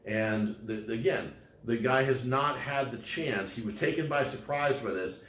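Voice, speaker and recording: A man's voice: medium pitch, measured pace, fairly bright tone, reverberant, a little hiss or hum. A man lecturing casually on law, rambling with frequent fillers and restarts.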